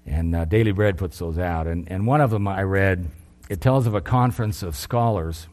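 Low-voiced man preaching a sermon. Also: moderate pace, darkish tone.

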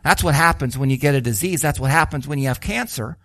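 A man preaching a sermon, animated and full of rhetorical questions, acting out the voices he quotes. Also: medium pitch, fast, no room sound, studio quality.

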